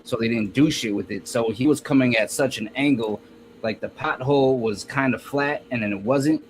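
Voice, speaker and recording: A man in a casual interview recounts a story, stopping and restarting often as he talks. His pitch sits in an ordinary middle range, with a faint hiss of ambient noise behind. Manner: halting, many restarts and fillers, storytelling. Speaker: guest rapper.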